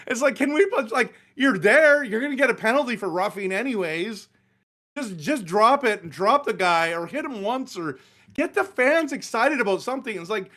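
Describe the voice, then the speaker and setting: A man's voice: sits high, expressive, moderate pace, bright, forceful tone. A middle-aged man, ranting passionately about hockey in a casual sports chat. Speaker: hockey show host.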